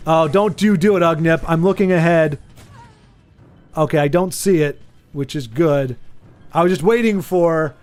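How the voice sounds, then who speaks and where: A man's voice: fairly high pitch, normal speed, pauses often, faint music behind. An American man streaming a game, rambling casually and chatting with his viewers. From United States. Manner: rambling, chatty, lots of restarts, reads chat aloud. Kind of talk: casual chat while gaming.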